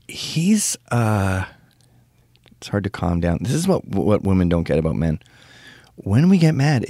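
Crude, animated man ranting. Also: lowish voice, no echo, studio quality. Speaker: show host. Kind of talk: casual monologue.

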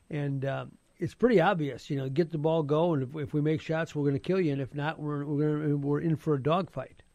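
A man's voice: mid-range voice, dark tone, dry recording. A man talking sports on the radio in a casual, rambling way, repeating words as he goes. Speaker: sports analyst.

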